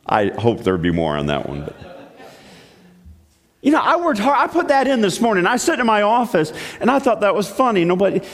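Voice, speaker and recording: A man's voice: high voice, wildly swooping pitch, a little fast. A man preaching a sermon, telling the story in a playful, joking way. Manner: playful, jokey. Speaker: pastor. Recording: echoey hall.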